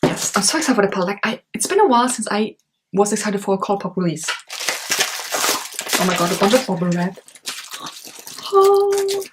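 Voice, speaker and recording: A woman's voice: medium pitch, very animated, fairly quick, pauses often, noisy background. Gushing woman unboxing makeup. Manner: gushing, gasping, breathy exclamations. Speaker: beauty vlogger. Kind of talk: excited unboxing vlog. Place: home, indoors. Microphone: camera mic.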